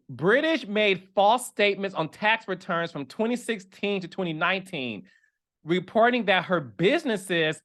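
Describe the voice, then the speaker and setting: A man hosting a reality TV gossip commentary, dramatic and sassy, talking straight to his viewers. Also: a bit bright. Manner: dramatic, sassy, addresses viewers directly, leaps to high exclamations. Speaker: host of a reality TV gossip show. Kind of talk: animated casual commentary.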